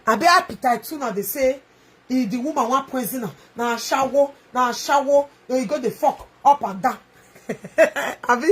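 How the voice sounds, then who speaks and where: A woman with a Nigerian Pidgin English accent, ranting angrily in a video, taunting and mocking with shouts and a sing-song edge. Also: high-pitched, animated, moderate pace, breathy edge. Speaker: online video ranter. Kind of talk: angry livestream rant.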